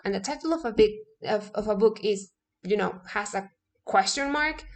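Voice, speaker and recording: A woman English teacher, a native Spanish speaker, explaining grammar step by step, often checking in with "okay?" and correcting herself mid-sentence. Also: a little high.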